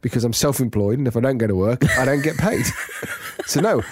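A man's voice: medium pitch, fairly quick, background noise. A man, a radio presenter co-hosting a podcast in casual chat, playful and teasing. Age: 40s. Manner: playful, teasing, lively storyteller.

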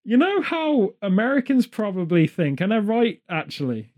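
A man's voice: high voice, big pitch swings, moderate pace, dull audio. A British man co-hosting a casual chat, rambling and joking, now and then slipping into silly voices. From United Kingdom. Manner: rambling, jokey, slips into silly put-on voices.

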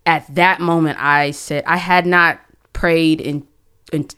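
A woman's voice: sits low, fairly even intonation, takes it slowly, sharp tone, smooth. A young woman sharing a personal testimony as a podcast guest, talking earnestly and emotionally, often stopping and restarting her sentences. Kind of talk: conversational testimony.

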